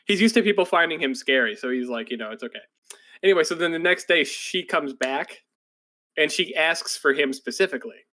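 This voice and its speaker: A podcast co-host retells an anime plot at a fairly quick clip, his voice bright, animated and forceful. He rambles casually with "like" after "like," sometimes breaking into breathless, high-pitched voices when quoting characters.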